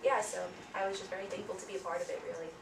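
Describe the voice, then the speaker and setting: A woman's voice: mid-range voice, fairly even intonation, rapid-fire, creaky. A woman, a newcomer actress, speaking earnestly and gratefully about the show. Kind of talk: post-show interview. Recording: roomy, from far off, audible noise.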